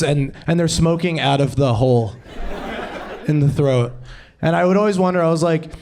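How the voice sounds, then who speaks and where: A man's voice: fairly high pitch, normal speed, a little mellow. A young man doing improvised stand-up on a comedy club stage, rambling and giggling at his own jokes.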